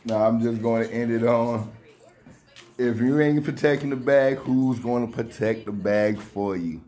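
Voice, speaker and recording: A man's voice: medium pitch, a little slow, dark tone. Blunt-talking man on a podcast. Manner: blunt, profane street talk. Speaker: podcast co-host. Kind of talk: casual podcast chat.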